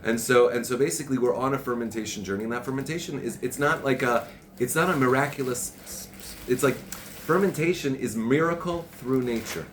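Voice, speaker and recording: A man's voice: mid-range voice, fairly quick. A middle-aged man hosting a casual chat, talking passionately, raising his voice and repeating himself. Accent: Jewish Orthodox Hebrew and Yiddish terms. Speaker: podcast host. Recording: faint background noise.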